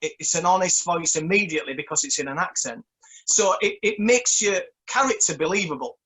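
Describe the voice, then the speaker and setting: A man with a high, bright voice, talking as a songwriter guest in an easygoing interview. He stumbles and repeats words while he gathers his thoughts. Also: expressive, fairly quick, rough recording. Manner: stammering, repeats words often. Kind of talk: casual interview chat.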